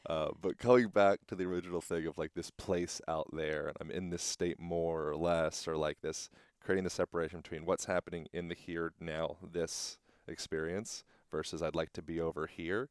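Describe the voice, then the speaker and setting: A man's voice: low-pitched, level tone, normal speed, hardly any pauses, clean tone, no echo, studio quality. A man hosting a podcast outdoors, musing and thinking aloud in a casual, rambling way. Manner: musing, rambling, uses fillers like "like". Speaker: podcast host. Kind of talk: casual reflective conversation.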